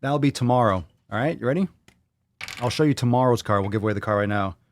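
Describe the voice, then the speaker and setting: A man's voice: medium pitch, quick pace, dry recording. A man hosting a fitness podcast in a blunt, profane, motivational way. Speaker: podcast host. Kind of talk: casual podcast monologue.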